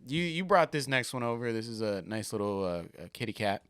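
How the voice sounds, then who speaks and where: Animated, swearing podcast host man. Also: medium pitch, brisk, clean tone, no room sound, studio quality. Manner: laid-back, swears freely, laughs often. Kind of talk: casual chat reacting to viral videos.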